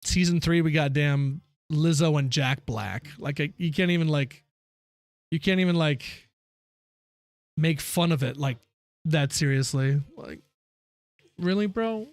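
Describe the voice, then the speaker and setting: A young man live streaming a game and chatting loosely with his viewers, opinionated and full of slangy asides. His voice sits a bit high for a man. The sound is dry and close, with no room around it. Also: unhurried, no room sound.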